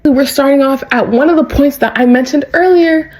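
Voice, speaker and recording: A young woman vlogger recapping a show in casual chat. She is excitable and laughs often, with lots of "like" and "bro.". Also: sits high, fairly quick, poor audio.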